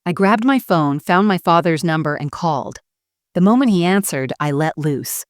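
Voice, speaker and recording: Lowish woman voice telling a storytime tale, dry close sound. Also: animated, normal speed, dry recording. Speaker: narrator. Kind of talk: storytime narration.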